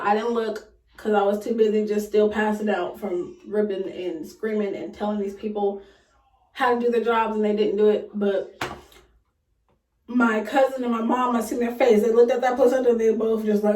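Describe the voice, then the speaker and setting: A young woman vlogger, casually retelling a personal story with dramatic, loud acted quotes. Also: a little high, fairly even intonation, moderate pace. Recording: echoey room, voice a bit far from mic.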